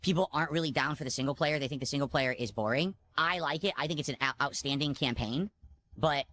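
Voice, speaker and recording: Man, clip of a streamer, emphatic, complaining, bright tense voice. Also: on the high side, fast talker. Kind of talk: streamer monologue.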